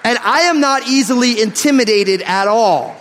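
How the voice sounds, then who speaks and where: High-voiced pastor in a reverberant hall. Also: male voice, normal speed, slight background noise. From New Jersey. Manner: animated, jokey asides, laughs through lines. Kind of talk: sermon with humorous storytelling.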